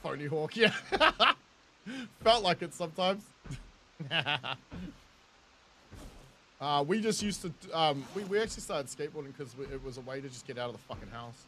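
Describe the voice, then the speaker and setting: Man, New Zealand accent, game streamer, bright voice, slightly high, jokes and laughs a lot, faint background noise. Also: lively intonation, moderate pace, pauses often. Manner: jokey, laughs often, swears freely. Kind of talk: casual gameplay commentary chatting with viewers.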